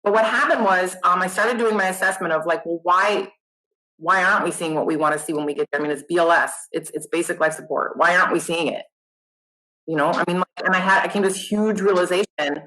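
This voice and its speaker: A middle-aged woman, a nurse guest, chatting casually in an interview, animated and self-deprecating. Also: on the low side, fairly quick, rough recording.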